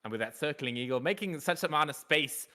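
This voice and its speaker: Male caster, bright forceful tone, excitable and slangy. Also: a little high, fairly quick. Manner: excitable, casual, says "man" and "bro". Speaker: esports caster. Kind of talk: live esports commentary.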